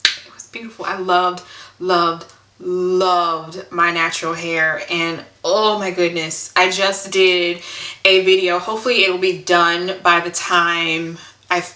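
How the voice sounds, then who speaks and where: A woman's voice: lowish voice, level tone, slow, bright, forceful tone, a little hiss or hum. Earnest woman telling a hair story. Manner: earnest, emotional, reads from notes, many ums. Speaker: hair vlogger. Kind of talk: casual storytime vlog. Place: indoor room at home. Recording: echoey room.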